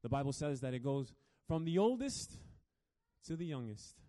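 A man preaching a sermon as a pastor, telling the story dramatically and swinging between hushed and loud. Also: medium pitch, sing-song, moderate pace.

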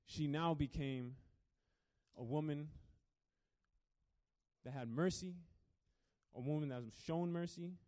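A man preaching a sermon as a pastor, telling the story dramatically and swinging between hushed and loud. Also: on the high side, slow pace, long pauses.

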